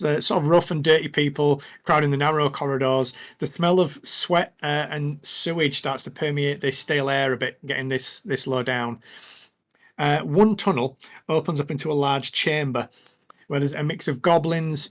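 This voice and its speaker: A man's voice: a little high, a bit bright. A man narrating a tabletop game as game master, describing scenes with many fillers.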